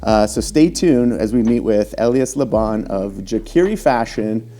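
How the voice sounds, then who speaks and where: A man's voice: on the low side, expressive, a little slow, warm tone. A man hosting a casual talk show, joking and upbeat, teasing himself and his guest. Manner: joking, upbeat, self-deprecating. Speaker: host. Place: local talk show studio.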